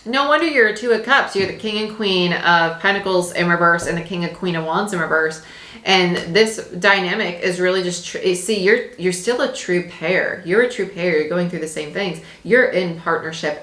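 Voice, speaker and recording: A woman's voice: on the low side, a bit bright, roomy sound. A woman giving a casual tarot reading, chatty and emphatic, repeating her phrases and laughing often. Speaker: tarot reader.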